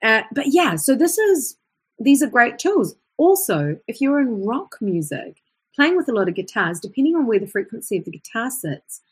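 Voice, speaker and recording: A woman with a medium-pitched, slightly breathy voice and an Australian accent runs a live online singing lesson as a voice coach. Her talk is chatty, punctuated by quick demonstrations of singing.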